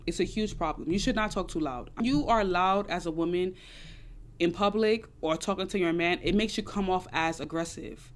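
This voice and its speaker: A young woman hosting a casual chat, answering audience questions on dating in an emphatic, preachy way and repeating her points. She talks a little loud and excited. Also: fairly low pitch, normal speed. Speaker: dating advice host.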